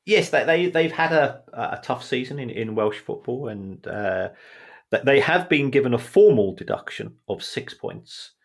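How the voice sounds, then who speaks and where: A man's voice: medium pitch, expressive, normal speed, vocal fry. A man co-hosting a podcast as the football finance expert, explaining in a casual, hesitant way and often repeating words.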